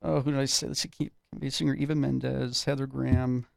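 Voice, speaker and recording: A man's voice: mid-range voice, flat delivery, brisk, creaky, no echo. A man co-hosting a radio talk show, chatting casually and rambling with frequent ums and laughs. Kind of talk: casual comedy chat.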